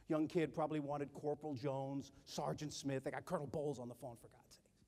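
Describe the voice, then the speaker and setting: A middle-aged man and army officer giving a keynote leadership speech, telling stories in an animated way and acting out other people's voices. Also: a little high, fairly quick. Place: large conference hall. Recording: long hall reverb.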